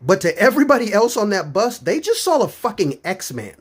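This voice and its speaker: A man's voice: high voice, a little fast, slightly rough. A young man from Florida telling profane, incredulous stand-up comedy stories about his own life. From Florida, USA. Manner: profane, animated, incredulous storytelling.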